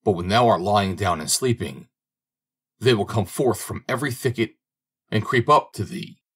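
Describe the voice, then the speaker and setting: A man's voice: on the low side, normal speed, a bit bright, slightly rough. A man voicing a brave young drummer who speaks with confident, boastful assurance in a fairy-tale audiobook. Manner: confident, boastful, slightly raised voice. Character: brave young male drummer, bold and fearless. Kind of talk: audiobook character reading.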